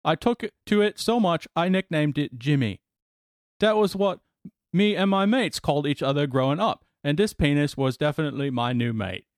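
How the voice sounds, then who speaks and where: A man's voice: a little high, animated, moderate pace, dry recording, clean studio sound, natural voice. A man voicing a proud man, telling his own story with earnest chatter. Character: proud British man quoting himself.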